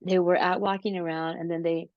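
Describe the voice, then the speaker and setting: A woman being interviewed, telling a long story slowly and casually, with many fillers and restarts. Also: on the low side, flat delivery, no echo. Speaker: interview guest, paranormal researcher. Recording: dull lo-fi audio.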